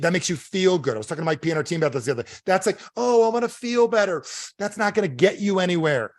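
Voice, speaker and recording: A man's voice: medium pitch, no room sound. A middle-aged man giving a live coaching talk as a motivational speaker, emphatic and constantly quizzing his audience with questions.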